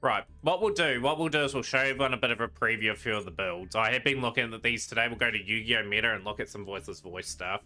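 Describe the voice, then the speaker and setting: Bright-voiced man streaming a card game. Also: fairly low pitch, fast, few pauses. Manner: relaxed, rambling, trails off into quiet asides. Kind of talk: casual gameplay commentary. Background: game music.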